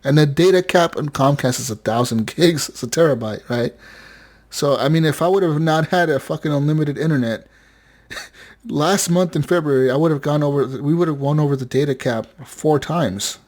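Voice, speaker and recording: A man's voice: fairly high pitch, moderate pace, darkish tone. Profane, rambling man on a gaming podcast. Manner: profane, rambling, acts out quotes in mocking voices. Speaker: podcast co-host. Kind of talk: casual chat.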